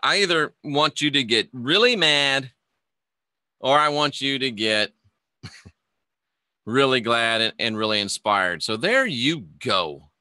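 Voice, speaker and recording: A man with a very bright, clear and smooth voice chats through a live stream. He rambles and jokes, laughing easily between comments. The sound is dry and close. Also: medium pitch, expressive, dry recording. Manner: rambling, joking, quick to laugh. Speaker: host of a live online show. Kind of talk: casual live-stream chat, reading viewer comments.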